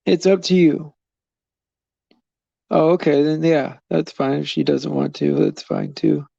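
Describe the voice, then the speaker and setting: Creaky-voiced man chatting on a stream. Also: fairly high pitch, fairly even intonation, unhurried, dark tone, no room sound, highs cut off. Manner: rambling, chuckling, loose and meandering. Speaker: livestream host. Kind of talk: casual chat with viewers on a live stream.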